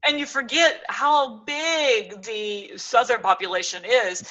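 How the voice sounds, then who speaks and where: A woman hosting a talk show, bubbly and gushing, exclaiming loudly as she introduces and questions her guest. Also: fairly high pitch, slow pace, lo-fi sound.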